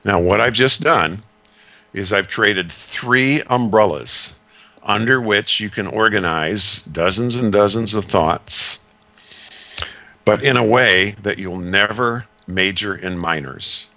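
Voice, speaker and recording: A man in his sixties, a discipleship consultant, telling stories and giving advice in a measured, folksy way with many fillers. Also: sits low, pushed and bright, no echo. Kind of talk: radio talk segment.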